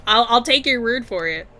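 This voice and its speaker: A woman's voice: fairly high pitch, wildly swooping pitch, measured pace, pushed and bright. Giggly young woman drawing and chatting. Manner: laid-back, giggly, swears casually. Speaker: artist streamer drawing requests. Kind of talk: casual chat while drawing.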